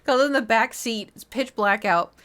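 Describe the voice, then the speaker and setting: A young adult woman streams live, chatting casually and rambling through stories packed with fillers and restarts. Her voice is on the high side and a bit bright, at a normal speed.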